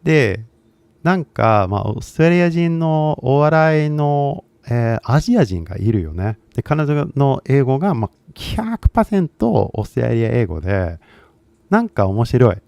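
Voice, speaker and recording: A man's voice: medium pitch, big pitch swings, fast talker, vocal fry, a little mellow, no echo. A man with a Californian accent, an English teacher chatting casually and filling his talk with fillers as he switches languages. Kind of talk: casual livestream chat.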